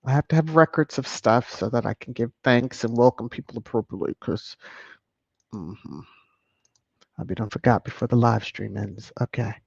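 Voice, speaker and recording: A woman's voice: a bass voice, creaky, a little mellow, dry recording. A woman hosting a live stream in casual chat, thanking viewers by name. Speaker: YouTube live stream host. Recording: dull lo-fi dry sound.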